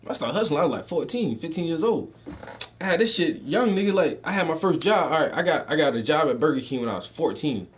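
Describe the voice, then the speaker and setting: A man's voice: fairly high pitch, expressive, quick pace. Profane, laid-back storyteller man with a Southern-Northern mix. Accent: mixed Southern and Northern US. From Southern United States. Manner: loose, profane street slang with frequent laughs. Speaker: podcast host telling stories. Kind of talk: casual storytelling.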